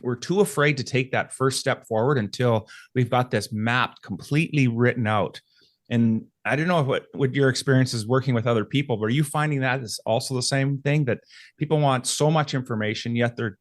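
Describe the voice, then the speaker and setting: A man hosts a podcast and thinks out loud before he gets to his question. His voice is recorded dry and close, with no room sound. His pitch sits in the middle range. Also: dry recording. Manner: reflective, asks long rambling questions. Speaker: podcast host. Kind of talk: casual interview chat.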